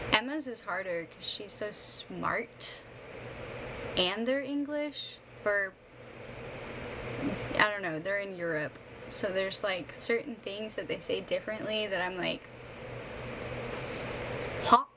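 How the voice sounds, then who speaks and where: Slow-talking young woman, tired and chatty. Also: medium pitch. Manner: rambling, chatty, laughs often, many fillers. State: tired after a long reading session. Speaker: streamer reading a book aloud. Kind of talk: casual chat with live viewers. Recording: clear background noise.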